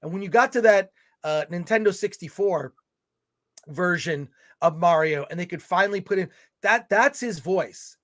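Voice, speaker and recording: Guy with a high voice ranting on a film livecast, reading chat comments out. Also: moderate pace. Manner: animated, ranting, reads viewer comments aloud. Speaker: podcast co-host reading chat.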